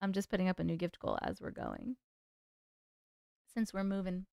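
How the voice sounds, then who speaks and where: A woman's voice: fairly low pitch, wildly swooping pitch, normal speed, gravelly, dark tone, clean tone, dry recording, clean studio sound. A woman hosting a casual livestream, chatting with viewers, laughing often and stumbling over hard words. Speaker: livestream host reading viewer stories.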